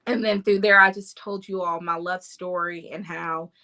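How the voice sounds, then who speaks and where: A woman in her thirties, a podcast host, telling a personal love story in a lively, emotional way, at times laughing and close to tears. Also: on the low side, moderate pace.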